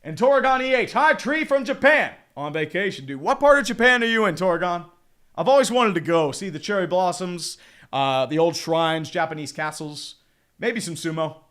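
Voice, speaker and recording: Young male streamer, high-pitched, rapid excitable play-by-play, swears freely, drifts into rambling chat asides. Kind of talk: casual hockey play-by-play with chat reading.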